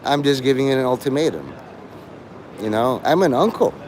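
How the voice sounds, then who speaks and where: Male streamer, taunting teacher manner, lively pitch, faint traffic hum. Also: normal speed. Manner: lecturing, taunting, mock-teacherly. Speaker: livestreamer. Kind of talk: casual livestream chat.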